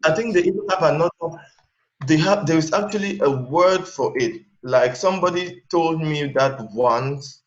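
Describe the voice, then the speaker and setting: A man's voice: on the high side, moderate pace. Cameroonian man talking in a roomy space. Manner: animated, lots of fillers and restarts. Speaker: guest. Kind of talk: casual interview chat. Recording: roomy, dull lo-fi sound.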